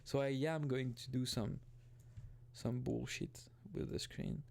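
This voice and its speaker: Young man gamer, rambling and self-interrupting, gravelly fry, mid pitch. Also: steady tone, measured pace, a little mellow. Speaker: gaming video host. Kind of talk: casual gameplay commentary.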